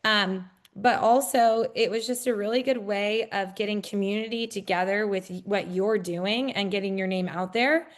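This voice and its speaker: A woman's voice: moderate pace, hardly any pauses. Chatty woman real estate agent. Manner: bubbly, acts out greetings in a high excited voice; many fillers like "like" and "um". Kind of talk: casual interview chat.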